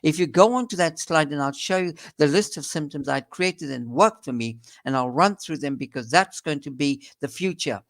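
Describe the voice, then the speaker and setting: A man's voice: on the high side, moderate pace, few pauses. A man with a South African accent, a doctor explaining in an interview, earnest and emphatic, often restarting his sentences.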